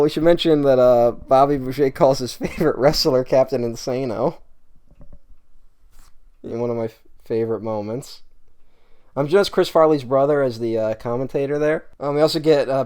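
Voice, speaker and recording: A man's voice: medium pitch, normal speed, darkish tone, clean tone. A man co-hosting a movie podcast, reviewing a film in casual chat, rambling with lots of ums and laughing often. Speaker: podcast co-host.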